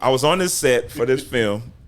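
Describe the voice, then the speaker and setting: A man hosting a live-stream chat, telling a story with plenty of energy. He acts out each quoted line as he goes. His voice has a middling pitch and sits at an everyday level. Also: expressive, moderate pace. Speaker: host. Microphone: video call.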